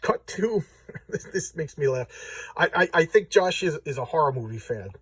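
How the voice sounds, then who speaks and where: A man's voice: fairly high pitch, lively intonation, normal speed, a bit bright, husky, no room sound. A man casually retelling a comic's plot in a rambling, stammering way. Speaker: comic book reviewer.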